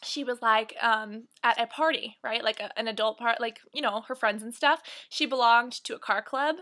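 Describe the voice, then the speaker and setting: A woman's voice: fairly high pitch, moderate pace, bright, forceful tone. A 19-year-old woman vlogging from home in a rambling, chatty way, full of fillers. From United States. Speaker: beauty vlogger. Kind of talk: casual chat to camera. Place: at home, near the kitchen.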